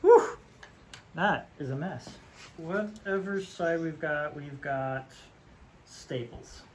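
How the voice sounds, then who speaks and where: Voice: medium pitch, slow pace. A DIY host chatting casually and joking while building in a workshop, thinking aloud as they go. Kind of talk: casual workshop how-to chat. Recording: noisy workshop recording.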